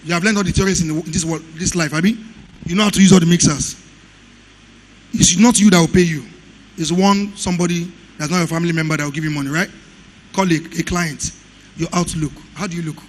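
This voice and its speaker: A middle-aged Nigerian man teaching a live audio engineering seminar, animated and quick to act out other people's lines. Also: a little high, low-quality recording. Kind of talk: live seminar talk with anecdotes.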